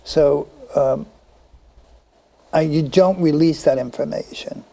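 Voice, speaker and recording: A man appearing as a psychic guest on a studio talk show, speaking in a halting way with many ums and restarts. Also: on the high side, gravelly, mellow, rough recording. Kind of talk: interview conversation.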